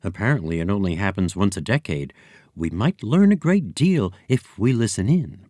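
A man's voice: lowish voice, expressive, moderate pace, warm tone, dry recording, clean studio sound. A man voicing a grand female elephant who talks in a fluty, drawling society lady's voice. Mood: hushed. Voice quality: fluty, cooing.

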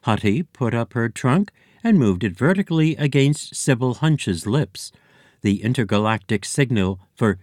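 A man reading a children's story aloud as narrator, with expressive storytelling. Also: medium pitch, a little slow, no echo, studio quality. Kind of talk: audiobook narration.

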